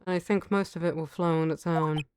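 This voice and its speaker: A woman's voice: deep voice, steady tone, a little fast, noisy background, close to an everyday voice. A woman reading as a cool, composed male prosecutor. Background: game music.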